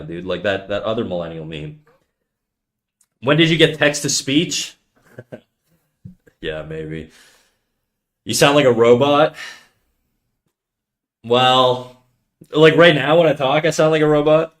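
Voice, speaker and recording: Fast-rambling man with a bassy, nasal voice. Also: animated. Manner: fast rambling talk with frequent stutters and restarts; swearing, slangy, calls listeners dude. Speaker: live streamer. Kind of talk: casual chat reading viewer comments.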